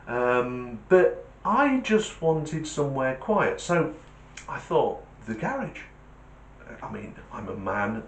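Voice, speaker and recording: Host, animated, good-humoured talk from an echoey small shed. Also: male voice, mid-range voice. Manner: chatty, self-mocking, good-humoured. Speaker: channel host. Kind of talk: casual talk to camera. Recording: roomy shed echo.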